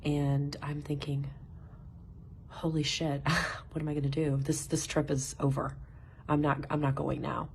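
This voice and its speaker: Low gravelly woman telling a story. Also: a little slow, long pauses, slight background noise. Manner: animated, swears, laughs through the story. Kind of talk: casual personal anecdote.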